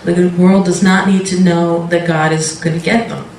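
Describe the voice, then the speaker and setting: A woman shares an informal Christian faith testimony, rambling, interrupting herself, and laughing often through her stories. Her lowish voice is a little mellow, with little pitch movement and a moderate pace, captured by a distant mic in a roomy space with a little hiss or hum.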